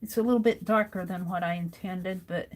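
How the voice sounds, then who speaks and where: A woman's voice: on the low side, fairly even intonation, fairly quick. A woman hosting an art livestream, chatting casually and musing aloud to herself as she draws. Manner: soft-spoken, muses aloud to herself. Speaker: livestream host and artist. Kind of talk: casual chat while drawing.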